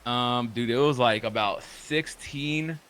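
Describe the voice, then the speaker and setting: A man's voice: medium pitch, slow, fairly bright tone, smooth. A man casually recounting a roleplay session, rambling and cursing as he quotes the others back and forth. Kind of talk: casual storytelling.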